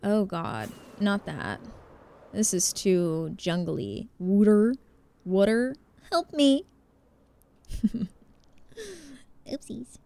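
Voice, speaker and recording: Here a woman speaks very slowly and expressively at medium pitch, with vocal fry, long pauses, and a mellow quality. She's from New Jersey, has the accent, and chats casually on a live game stream, reading chat and greeting people.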